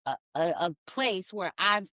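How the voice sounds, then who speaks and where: Bright-voiced woman chatting casually. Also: mid-range voice, animated, a little slow, no echo, clean studio sound. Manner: conversational, thinks aloud with many "like"s. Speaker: podcast guest. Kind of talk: casual podcast chat.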